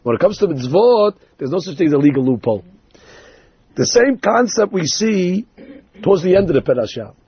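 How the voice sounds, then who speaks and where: Male rabbi giving a sermon, husky and fairly high voice, dull lo-fi recording. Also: brisk, no room sound. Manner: animated, acts out dialogue in the stories. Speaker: rabbi teaching Torah. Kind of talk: sermon with storytelling.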